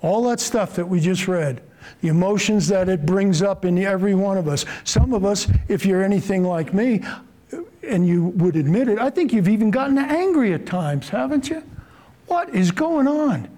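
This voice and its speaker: A middle-aged man preaching a sermon as pastor, fervent and forceful at times, then slowing and softening. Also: high voice, animated, low-quality recording. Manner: fervent, rising to forceful emphasis, then slow and soft.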